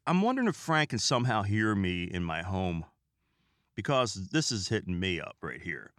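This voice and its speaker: A man's voice: mid-range voice, very animated, normal speed, a bit bright, dry recording, studio quality. A man hosting a podcast, telling stories in a rambling, chatty way with asides to listeners. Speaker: podcast host. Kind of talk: casual comedic storytelling.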